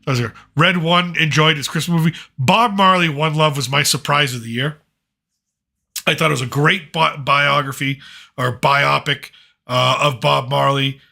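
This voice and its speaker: A man's voice: on the high side, fairly even intonation, normal speed, vocal fry, sharp tone. A middle-aged man hosting a casual chat, rambling and opinionated with plenty of fillers. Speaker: podcast host, father.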